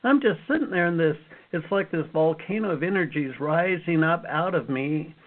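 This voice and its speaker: A man in his fifties, an author telling lively stories from his life as an interview guest. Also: fairly high pitch, normal speed. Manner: animated storyteller, acts out his own past reactions. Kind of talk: storytelling interview answers. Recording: phone-like narrow sound.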